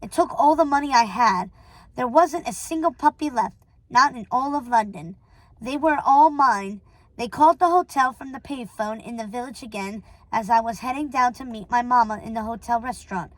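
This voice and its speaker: High-voiced woman reading a novel aloud. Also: a little fast, dry recording, poor audio. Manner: steady, with small stumbles and self-corrections. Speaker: reader.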